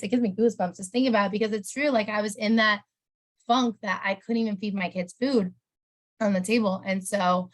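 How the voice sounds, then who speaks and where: A woman's voice: medium pitch, steady tone, brisk. A woman telling her own story in an interview, casual and rambling, emotional and full of "like". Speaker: interview guest, sales promoter.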